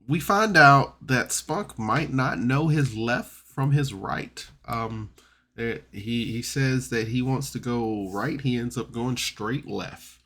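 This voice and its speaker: A man's voice: mid-range voice, slow pace, bright, forceful tone. A man casually recapping a tabletop game episode for a podcast, rambling and chatty, full of fillers and restarts. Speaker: podcast reviewer.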